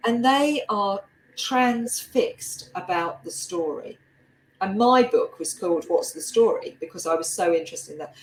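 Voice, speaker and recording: A woman with a light South London twang hosting a casual video-call interview, chatty and quick to laugh. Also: mid-range voice, echoey room, a little hiss or hum, poor audio. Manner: chatty, laughs easily, animated asides. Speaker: host and curator.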